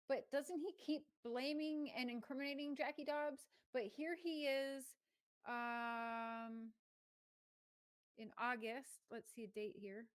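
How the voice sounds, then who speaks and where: A woman's voice: high voice, steady tone, takes it slowly, poor audio. A woman giving casual commentary, reading text messages aloud and talking indignantly with some swearing. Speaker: true crime commentator.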